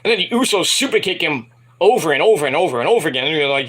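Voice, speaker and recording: A man casually reviewing a wrestling event in a rambling, animated retelling with asides. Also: on the high side, racing, husky.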